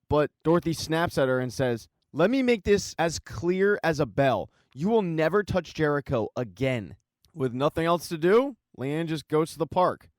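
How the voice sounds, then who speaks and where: A man's voice: fairly high pitch, no echo. A man narrating a casual TV show recap with wry, dry asides. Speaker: TV recap host.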